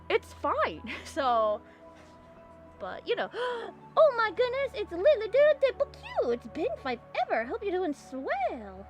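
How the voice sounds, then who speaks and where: A young Californian woman with a high-pitched voice chats casually with viewers as she draws on stream. She rambles, giggles, and lets out sudden excited squeals, with faint music playing in the background.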